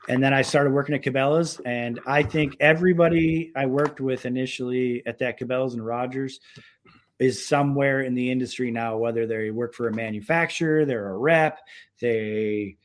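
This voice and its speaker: A man's voice: mid-range voice, normal speed, slight background noise. A man from New York who has worked in the fishing industry, talking in a casual podcast chat and rambling with many filler words.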